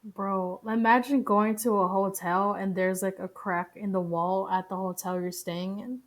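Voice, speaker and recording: A woman streams live, reacting to news clips loosely and casually, blunt and freely profane, laughing easily between comments. Her voice sits at an ordinary middle pitch with a steady tone.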